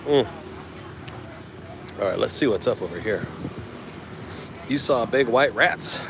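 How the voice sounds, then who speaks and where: Slow, easygoing man vlogging outdoors. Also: medium pitch, animated, creaky, background noise. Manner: joking, chatty, thinking aloud. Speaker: travel vlogger. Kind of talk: casual walking vlog commentary. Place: outdoors walking through a seaside town.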